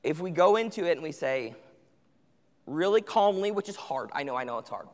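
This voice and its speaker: A man's voice: fairly high pitch, lively intonation, brisk, darkish tone. A young man giving a conversational sermon to teenagers, acting out what parents and kids say. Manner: conversational, acts out parent and teen quotes. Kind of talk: sermon to teens. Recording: long hall reverb.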